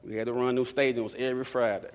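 A young man preaches quickly in a medium-pitched, level voice, his storytelling sermon casual and conversational. He repeats lines for emphasis, and a long hall reverb hangs on every word.

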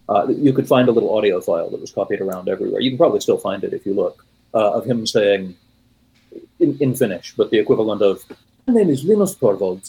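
A man's voice: on the low side, dark tone, breathy edge, poor audio. A man in his late forties from the United States, talking shop casually about computing, rambling with many fillers and self-corrections. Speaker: podcast guest. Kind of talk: casual technical chat.

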